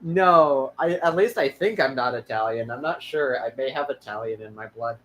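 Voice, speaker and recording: A man's voice: mid-range voice, moderate pace, fairly bright tone. A young man hosting a history channel, wrapping up an episode in rambling casual chat full of restarts and fillers. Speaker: channel host.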